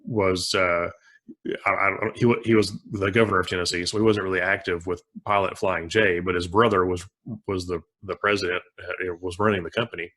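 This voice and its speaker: Deep-voiced, hesitant male guest. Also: fairly even intonation, brisk, fairly bright tone. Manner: hesitant, many restarts and "uh"s. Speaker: forensic accountant guest. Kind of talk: casual interview answers.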